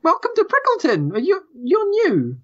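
A woman voicing a small male squirrel villager in a tabletop game, in a squeaky high voice. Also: huge pitch swings, moderate pace, highs cut off, heavily acted. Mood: curious. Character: squeaky little male squirrel townsfolk, blunt.

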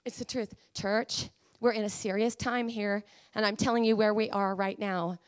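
A woman preacher giving an emotional, passionate sermon, swinging between hushed talk and fiery proclamation. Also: mid-range voice, fairly even intonation, normal speed, clean tone, no room sound. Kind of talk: Pentecostal-style sermon.

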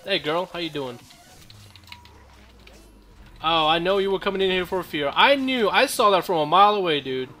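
A man's voice: high-pitched, lively intonation, moderate pace, pauses often, pushed and bright, faint music behind. A young man giving casual, joking gameplay commentary, full of profane trash talk and rambling asides.

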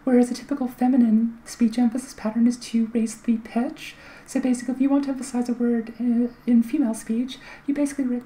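A woman's voice: fairly high pitch, flat delivery, fast, dark tone, rough recording. A woman with a light voice that carries little volume, explaining in a casual, chatty way with fillers and restarts. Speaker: vlogger giving voice tips.

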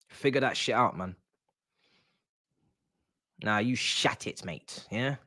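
A young man reacting live during a football watch-along, excitable and slangy, swearing and repeating himself. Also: medium pitch, dry recording, studio quality.

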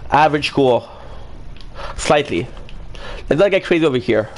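A man's voice: a little high, animated, normal speed, long pauses, slight background noise. Laughing, joking young man chatting online. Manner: joking, laughs often, swears casually. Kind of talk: casual chat with online friends.

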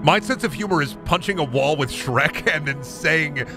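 A man streaming a game, cracking bits, shouting and laughing loudly with game music behind. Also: a little high, expressive, moderate pace. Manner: loud, giggly, rambling bits and shouting. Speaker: gaming streamer. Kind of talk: chaotic gaming stream chat.

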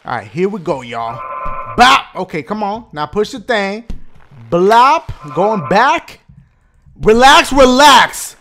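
A man hosting a gaming video, giving loud, slangy, profane play-by-play and shouting at the game. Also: high voice, sing-song, slow pace, faint music behind. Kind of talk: excited gameplay commentary.

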